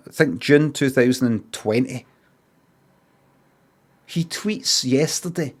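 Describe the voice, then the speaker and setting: A Scottish man on a stream tells a story as a casual, sweary rant, playing both sides of an argument in quick asides. His voice is a little high.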